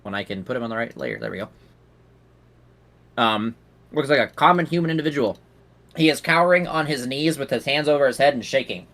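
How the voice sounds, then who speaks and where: A man's voice: mid-range voice, expressive, a little fast, pauses often, fairly bright tone. A young man running a tabletop game as game master, narrating in a casual, rambling way with fillers.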